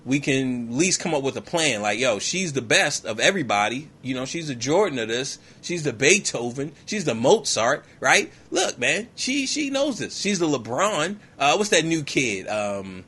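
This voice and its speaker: A man hosting a podcast, retelling a movie in a slangy, animated comic style full of "yo, man," slipping in quick character voices. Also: medium pitch, husky. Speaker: podcast host. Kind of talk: comedic movie recap.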